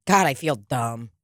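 A woman's voice: deep voice, creaky, breathy edge, no room sound. A young woman co-hosting a casual chat, rambling and swearing now and then.

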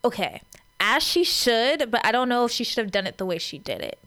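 A woman's voice: on the high side, big pitch swings, a little fast, a bit bright. A woman co-hosting a casual chat, retelling scenes in a chatty way and acting out the quoted lines. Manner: chatty storyteller, acts out quotes with voices. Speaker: podcast co-host. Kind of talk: casual chat recapping a reality dating show.

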